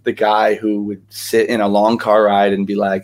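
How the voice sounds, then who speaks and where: A man's voice: lowish voice, fairly even intonation, a little slow, hardly any pauses. A young man, an actor and singer, telling stories as a guest in a casual interview, chatty and full of energy, with lots of fillers.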